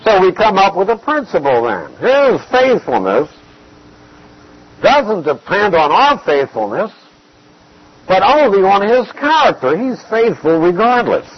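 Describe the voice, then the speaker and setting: A man giving an expository Bible teaching, measured and emphatic, repeating key phrases to drive points home. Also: sits high, very animated, lo-fi sound.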